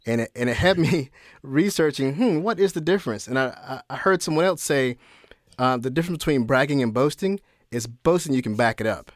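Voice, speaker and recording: A man co-hosting a podcast, explaining ideas in a thoughtful, measured way. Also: mid-range voice, no echo, clean studio sound. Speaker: podcast co-host. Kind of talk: casual podcast conversation.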